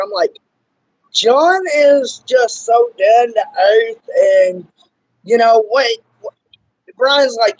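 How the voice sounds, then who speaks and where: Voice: mid-range voice, slow, poor audio. A young interviewer in their twenties, rambling eagerly as a fan of the guest in casual chat. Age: 20s.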